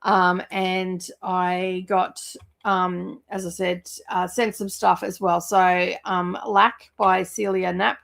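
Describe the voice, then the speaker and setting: A woman's voice: on the low side, little pitch movement, slow pace, vocal fry, fairly bright tone. A woman chatting casually about books as a vlogger, rambling with lots of fillers. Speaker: book vlogger. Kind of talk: casual chat.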